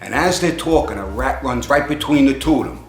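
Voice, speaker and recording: A man's voice: mid-range voice, expressive, brisk, reverberant, faint music behind. A man telling jokes in a rambling, conversational way, raising his voice to act out the characters. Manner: rambling storyteller, acts out characters in raised voice. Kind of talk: joke telling.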